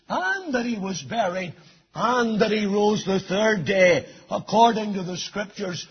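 A male preacher gives a sermon in a high, husky voice. He speaks slowly and deliberately, repeating phrases for emphasis. The recording sounds dull and lo-fi.

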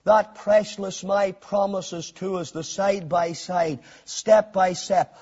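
Husky high-pitched preacher guy, fervent, lots of repeating himself, muffled old sermon tape. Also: steady tone, slow, few pauses. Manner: fervent, swings from hushed to shouted emphasis; repeats phrases for emphasis, old-fashioned scripture wording.

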